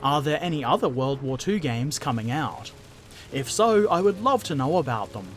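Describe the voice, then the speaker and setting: A man's voice: a little high, very animated, normal speed, faint music behind. A man hosting a gaming channel, casually answering viewer comments with jokes and silly put-on voices.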